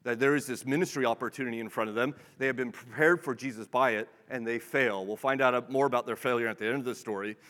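A man's voice: mid-range voice, steady tone, quick pace, hardly any pauses, a bit bright. A male pastor giving a conversational sermon, asking his listeners rhetorical questions and often repeating words as he restarts. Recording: long reverb of a large hall.

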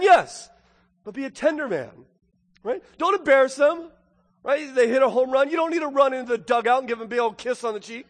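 A man preaching a sermon, swinging from booming exclamations to hushed, intimate asides. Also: in a large hall. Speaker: pastor.

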